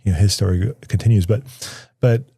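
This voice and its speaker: A man's voice: on the low side, a little fast, warm tone, slightly rough, no room sound. A man, a guest on an interview show, tells a personal story in a studio, thinking aloud and often restarting his sentences. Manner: reflective, searching for words with frequent restarts. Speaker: guest, writer.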